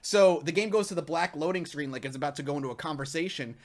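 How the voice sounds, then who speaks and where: A man co-hosting a live gaming talk show, telling a long story in casual chat and acting out the shouting characters as he goes. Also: a little high, fast talker. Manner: excitable, acts out shouting characters mid-story.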